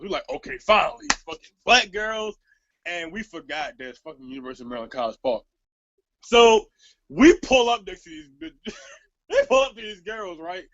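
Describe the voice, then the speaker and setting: A man's voice: sits high, vocal fry, no echo, muffled recording. A man telling a rambling, profane story in casual chat, laughing as he goes.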